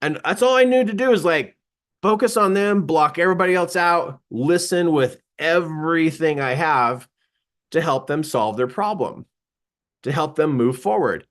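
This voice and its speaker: A man's voice: a little high, animated, normal speed, fairly bright tone. A man giving a casual storytelling talk about discovering he is an empath, acting out the voices he quotes and laughing often. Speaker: speaker and teacher on empathy.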